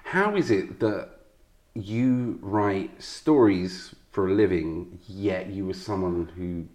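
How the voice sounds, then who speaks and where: Low-voiced man hosting a podcast. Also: slow, a little mellow. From Zimbabwe. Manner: rambling, playful questions. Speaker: podcast host. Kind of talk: casual podcast interview.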